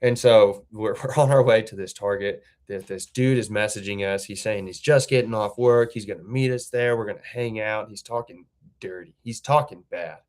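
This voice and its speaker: A man's voice: on the low side, normal speed, a little mellow. Rambling man telling a story. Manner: rambling, self-correcting, conversational. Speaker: channel host. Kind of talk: casual storytelling.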